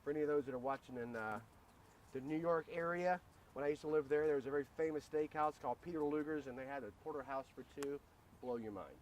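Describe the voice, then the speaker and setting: Casual grill host, male, slightly higher voice, joking and chatty, faint outdoor noise behind. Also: fast talker. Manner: joking, chatty, addresses viewers as guys. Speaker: grill cooking show host. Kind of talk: casual cooking demo.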